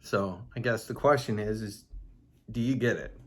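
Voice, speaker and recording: A man's voice: on the low side, normal speed. A man hosting a casual Bible study podcast, talking loosely with fillers and asides as he explains a passage. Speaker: podcast host teaching the Bible.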